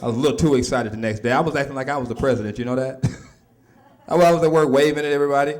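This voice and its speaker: A man's voice: mid-range voice, very fast, darkish tone. Man doing loose stand-up. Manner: loose conversational delivery with frequent asides. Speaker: stand-up comedian. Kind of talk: stand-up routine.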